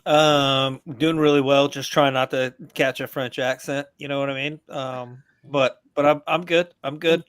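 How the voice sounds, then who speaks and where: Animated, profane veteran ranting. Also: male voice, mid-range voice, unhurried, hardly any pauses, smooth. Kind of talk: casual podcast rant. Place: abroad, remote from the hosts.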